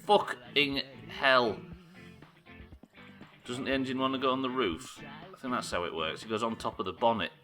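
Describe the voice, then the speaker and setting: A man's voice: mid-range voice, expressive, fast talker, a bit bright, soft background music. A young man streaming a game live, swearing freely and answering his chat as he works through tasks. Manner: swears often, talks to chat, frustrated outbursts. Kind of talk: live gameplay commentary.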